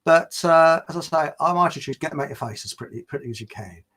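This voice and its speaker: A man's voice: on the high side, animated, a little fast, a bit bright. A man hosting a livestream, chatting casually and rambling through anecdotes and viewer comments with plenty of fillers and restarts.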